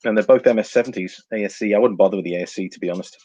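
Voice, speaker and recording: A man hosting a live stream, chatting casually and thinking out loud while he reads out figures and viewer comments. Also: fairly low pitch, rapid-fire, dry recording. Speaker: livestream host reading viewer chat.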